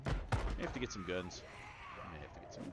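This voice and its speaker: A man's voice: sits low, moderate pace, very noisy. A man streaming a multiplayer game live, talking to his chat and friends, exclaiming and laughing as he plays. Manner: excitable, exclaiming and laughing often. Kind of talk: live gameplay commentary.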